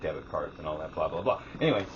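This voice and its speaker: A podcast co-host with a low, rumbling voice tells a story at rapid-fire speed in casual chat. He's an animated storyteller who acts out the people and their quotes and swears freely. The lo-fi audio sounds dull, with faint hiss.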